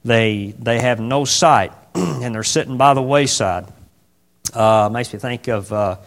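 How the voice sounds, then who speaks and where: A man preaching a sermon in a rambling way, with many fillers and pauses, now and then rising into loud, emphatic bursts. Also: medium pitch.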